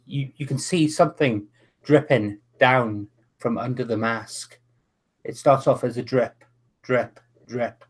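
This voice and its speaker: A man running a tabletop wrestling game as game master, narrating with many restarts and fillers over an online call. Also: medium pitch. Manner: halting, full of restarts and "uh". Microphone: online video call.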